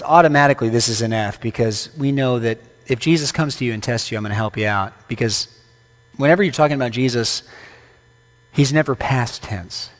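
A man preaching as a guest preacher, conversational and playful, quizzing the congregation with questions. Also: mid-range voice. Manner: playful humorous asides. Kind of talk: sermon. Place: church sanctuary. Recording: long church hall reverb.

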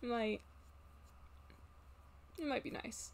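Woman voicing a soft, hesitant grown man. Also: very high voice, a little hiss or hum, full character voice. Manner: soft-spoken, halting. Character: weary gentle grown man, quiet and hesitant.

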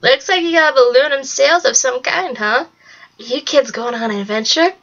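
A woman doing a soft, soothing old granny. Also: high voice, normal speed, dull audio. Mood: gentle. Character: soft-spoken elderly grandmother, gentle and doting.

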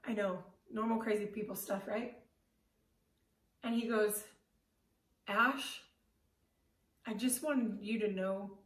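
A fairly high-voiced woman in her thirties tells a personal story with candid, animated energy and self-deprecating humor, tossing in casual fillers as she goes. Her voice rings through a roomy space, picked up from some distance away from the microphone. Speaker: motivational speaker. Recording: roomy echo, voice from far off the mic.

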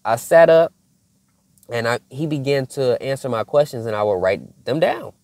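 A faith content creator shares a spiritual testimony in a casual, earnest, conversational way, talking straight to his viewers and calling them "y'all". His mid-range voice has a darkish tone and big pitch swings at normal speed, recorded dry.

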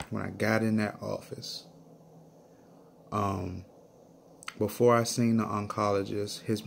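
Low gravelly guy talking slow and earnest, video diary vibe. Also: a little hiss or hum. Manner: earnest, slow, emotional storytelling. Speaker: vlogger.

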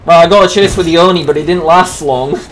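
A man giving casual, jokey commentary over a video game, swearing freely and reacting loudly. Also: fairly high pitch, quick pace. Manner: excitable, swears a lot, jokey. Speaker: gaming YouTuber.

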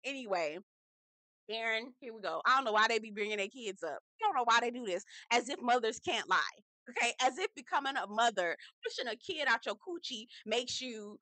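A woman's voice: a little high, lively intonation, normal speed, sharp tone, dry recording. A woman giving a casual, slangy reality TV recap, swearing freely, laughing at her own points and calling the listener "girl".

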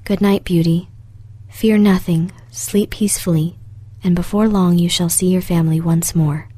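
A woman voicing a sorrowful, gentle male beast in a breathy whisper, as whispered role-play. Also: fairly low pitch, steady tone, normal speed, dry recording. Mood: pleading.

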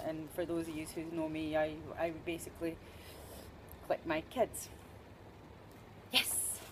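A woman's voice: on the low side, slight background noise. A woman with a Scottish accent giving a chatty, upbeat dog-training demonstration, with joking asides. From Scotland.

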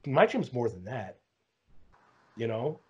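A man's voice: medium pitch, sing-song, takes it slowly, darkish tone, breathy edge, muffled recording. A man co-hosting a podcast, telling a rambling story in casual chat and saying "dude" constantly. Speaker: podcast co-host.

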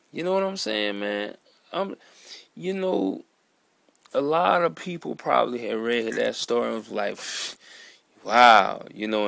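A man in an earnest, halting vlog monologue, sitting at home at his computer. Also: medium pitch, gravelly, no room sound. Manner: earnest, halting, repeats words and calls listener "man". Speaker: vlogger. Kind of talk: emotional monologue to camera.

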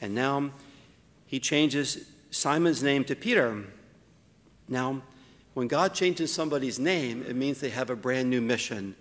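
A man, a priest, preaching a homily with wry asides, slowing down to stress key points. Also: mid-range voice, long reverb tail. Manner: slows down for emphasis, wry asides.

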